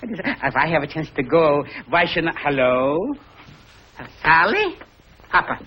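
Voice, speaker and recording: An actor playing a kindly, excitable older family man with an animated, chuckling delivery. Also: fairly high pitch, measured pace, husky, heavily acted. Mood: excited. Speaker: family father and uncle. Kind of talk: 1950s TV sitcom acting. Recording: dull lo-fi 1950s TV audio with faint hiss.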